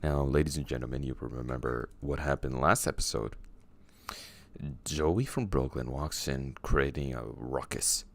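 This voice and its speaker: Super deep guy hosting a podcast, gravelly, teasing recap. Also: a little slow, no echo. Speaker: podcast host. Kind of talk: casual podcast chat.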